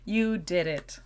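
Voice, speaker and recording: A woman's voice: lowish voice, smooth. A woman co-hosting a podcast, chatting playfully and laughing often. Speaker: podcast co-host. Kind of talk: casual chat.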